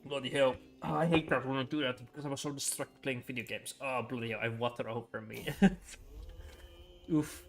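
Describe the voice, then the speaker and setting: A man's voice: mid-range voice, normal speed. A young man chatting casually on a gaming livestream, rambling with frequent chuckles and filler words.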